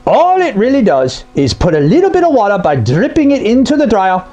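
A man's voice: high-pitched, wildly swooping pitch, a little fast, mellow. A man who repairs appliances, explaining a topic to camera in a blunt, conversational way. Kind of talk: explainer video.

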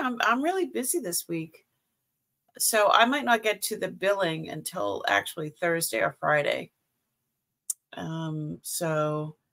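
Slow-talking Boston woman, bright voice. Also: medium pitch. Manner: chatty and scattered, trailing off and restarting, greeting viewers. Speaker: live jewelry sale host. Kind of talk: casual live-stream chat.

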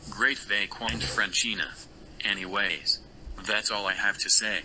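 A man's voice: on the low side, a little slow, background noise. A man giving a scolding, lecturing rant in a recorded video.

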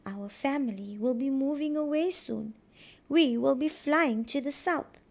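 Woman voicing a sad young male duck, storybook, soft and wistful, high and unhurried. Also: creaky.

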